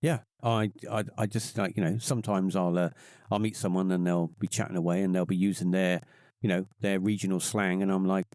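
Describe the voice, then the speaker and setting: A man's voice: deep voice, flat delivery, brisk, darkish tone, dry recording, studio quality. A man from England with a West Country accent, guest on a podcast, chatting casually and rambling with many fillers and restarts. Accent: West Country English.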